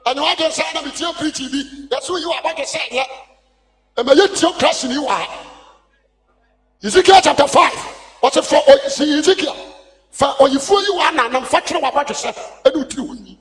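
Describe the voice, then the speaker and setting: A man with a Ghanaian accent preaching a sermon as an evangelist, impassioned and shouting, calling for responses from the congregation. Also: very high-pitched, normal speed, faint music behind. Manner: impassioned, shouting call-and-response preaching mixing two languages. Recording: long hall reverb.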